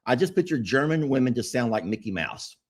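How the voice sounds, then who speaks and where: A man's voice: mid-range voice, big pitch swings, a little fast. A man, co-hosting a casual podcast chat and telling rambling stories. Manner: rambling storytelling, easygoing. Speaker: podcast co-host.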